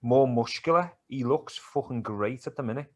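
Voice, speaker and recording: A man co-hosts a casual sports podcast. He talks in an animated, sweary way and teases his mate often, at a mid-range pitch. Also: normal speed. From England. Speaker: podcast co-host. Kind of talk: casual banter about football and MMA.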